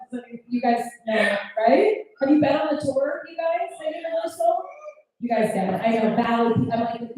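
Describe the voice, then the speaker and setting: A woman in her thirties doing a stand-up comedy set, with brash, profane crowd work and quick asides. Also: a little high, dark tone. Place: comedy club stage. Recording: echoey club, mic heard from a distance.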